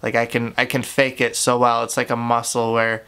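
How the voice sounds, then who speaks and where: A young man telling his own story to the camera, candid and halting, with lots of fillers and swearing. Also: medium pitch, completely flat delivery, pushed and bright, clear, resonant tone. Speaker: YouTuber. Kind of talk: confessional storytelling.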